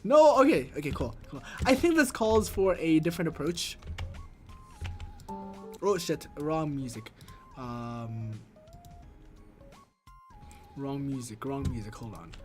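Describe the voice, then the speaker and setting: A young man in his twenties chatting casually on a stream and reading chat aloud. He is excitable and swings from low mutters into loud shrieks. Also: slow, pauses often, faint music behind. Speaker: VTuber streamer.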